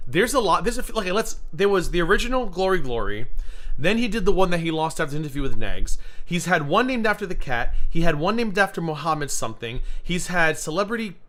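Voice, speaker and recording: A man's voice: fairly high pitch, sing-song, fast talker, a bit bright. A man hosting a live reaction stream, talking casually and sarcastically, laughing often and swearing freely. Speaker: livestream host.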